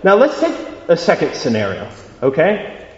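A man's voice: on the high side, normal speed. A young man preaching a sermon, posing questions to his listeners and acting out little scenes. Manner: animated, asks the audience questions, acts out voices. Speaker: youth preacher. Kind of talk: sermon with acted-out scenarios. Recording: echoey hall, slightly dull.

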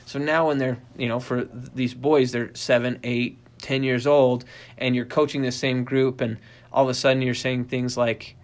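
Middle-aged man, dog trainer, casual instructional talk, animated, rambling restarts, mid-pitched voice. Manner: animated storyteller, acts out quoted voices in a high pitch; rambling with frequent restarts and fillers.

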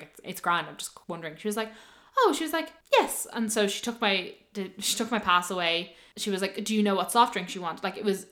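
A young woman, casually telling a story and acting out the voices of the people in it. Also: on the low side. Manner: animated, quoting others in lively voices.

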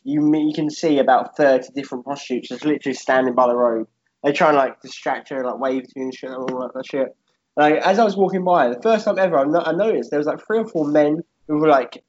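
A man's voice: fairly high pitch, darkish tone, highs cut off. A young man telling a rambling story on a podcast, swearing and laughing often as he talks. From Britain. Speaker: podcast co-host.

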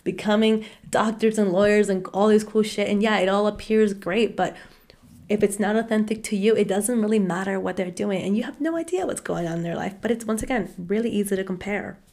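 A woman's voice: mid-range voice, darkish tone. A woman in her twenties hosting a solo podcast, talking candidly with frequent swearing and laughter. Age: 20s. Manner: candid and profane, laughing often. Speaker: podcast host. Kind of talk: casual solo podcast monologue.

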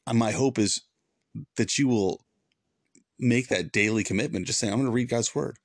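A man's voice: mid-range voice, normal speed, no room sound, studio quality. A man who is a former pastor, hosting a devotional podcast in an earnest, preachy way and repeating points for emphasis.

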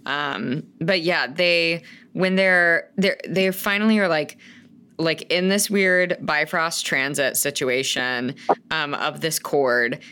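A woman's voice: sits low, slow pace, pushed and bright, smooth. A woman in her thirties co-hosting a podcast, rambling and gushing in casual chat and swearing freely. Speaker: podcast co-host.

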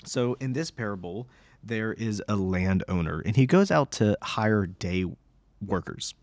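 A young man with a hoarse voice, hosting a solo podcast that teaches on scripture in an earnest, explanatory way. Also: lowish voice, animated, unhurried, no echo. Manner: earnest, explanatory, with some fillers. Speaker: podcast host.

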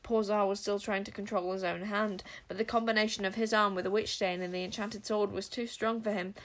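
A woman narrating a storybook with an expressive, dramatic delivery. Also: medium pitch, brisk. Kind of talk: storybook reading.

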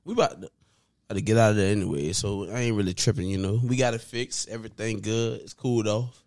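A man's voice: fairly low pitch, quick pace, darkish tone, no echo, studio quality. A man co-hosting a podcast in casual chat, laid-back with drawling slang. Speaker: podcast co-host.

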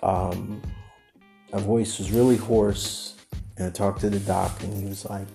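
A man hosting a podcast, telling a personal story in a rambling, animated way and acting out what people said. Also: fairly low pitch, measured pace, gravelly, faint music behind. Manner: rambling, animated, acts out quotes. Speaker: podcast host.

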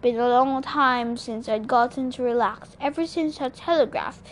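A woman reading aloud and voicing a calm, easygoing male god disguised as a jogger, speaking in a relaxed, breezy way. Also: a little high, normal speed, a little hiss or hum, close to an everyday voice.

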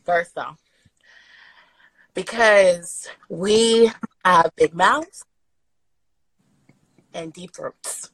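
A woman's voice: lowish voice, very slow, long pauses, fairly bright tone, slightly rough, rough recording. A woman telling a brash, profane story on a live video stream, laughing and breaking into song. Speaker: guest storyteller. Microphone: phone on a live video stream.

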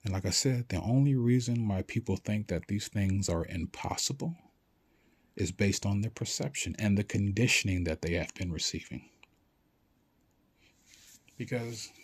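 A man talking casually and with excitement, swearing now and then and acting out short back-and-forth exchanges as he urges listeners to imagine things. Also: lowish voice, breathy edge. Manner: animated, swears casually, acts out quick dialogues. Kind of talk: casual motivational monologue.

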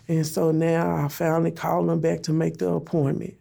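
A woman's voice: deep voice, level tone, fairly quick, vocal fry, mellow. A woman telling an emotional personal story in plain, repeated phrases, speaking her prayers aloud.

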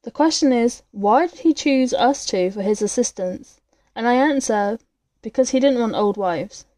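A cynical young doctor who talks coolly and sneers as he bends a younger man to his will, voiced by a woman reading a storybook aloud. The tone is warm and mellow but the attitude is cold, and the voice sits close and dry with no room around it. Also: on the high side, expressive, moderate pace, dry recording, lightly acted. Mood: coolly persuasive. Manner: cool, sneering.

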